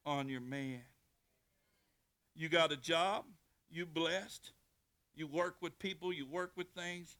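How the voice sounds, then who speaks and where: A male pastor preaching a sermon in a folksy, animated way, often restarting his phrases. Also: fairly high pitch, slow, long pauses.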